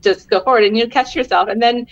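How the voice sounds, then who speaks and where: A woman's voice: on the high side, quick pace, highs cut off. A middle-aged woman, a podcast guest, talking earnestly and encouragingly in casual conversation, laughing often.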